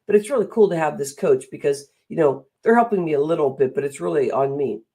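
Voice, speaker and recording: A middle-aged woman giving a motivational talk, animated and acting out the voices she quotes. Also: sits low, quick pace, slightly rough. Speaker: speaker and coach.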